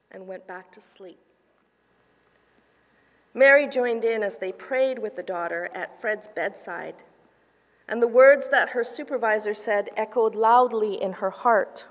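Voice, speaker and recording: Woman pastor, slightly high voice, storytelling sermon in a reverberant church. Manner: storytelling, shifts between lively asides and hushed narration. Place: church sanctuary. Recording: long reverb of a church hall.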